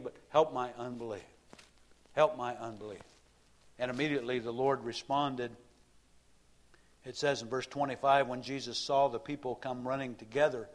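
A middle-aged male pastor preaching a sermon, building to emphatic raised passages and slowing to repeat key lines. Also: medium pitch.

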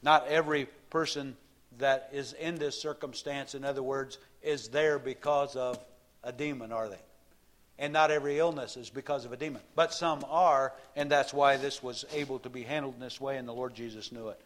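A middle-aged male pastor preaching a sermon, building to emphatic raised passages and slowing to repeat key lines. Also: medium pitch, fairly even intonation.

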